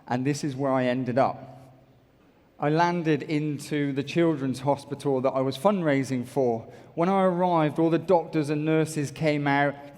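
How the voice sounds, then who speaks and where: Motivational speaker, male, from the UK, playful crowd banter, hall reverb. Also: a little high. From United Kingdom. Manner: energetic, jokey, bantering with the crowd. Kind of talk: stage talk to a large audience. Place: large auditorium. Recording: echoey large hall.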